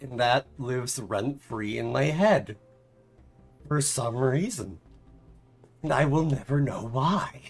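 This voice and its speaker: A man's voice: mid-range voice, lively intonation, slow, long pauses, faint music behind. A man streamer chatting casually, rambling off on tangents and filling his talk with "like" and "um.". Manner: rambling, filler-heavy, tangents. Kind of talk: casual chat.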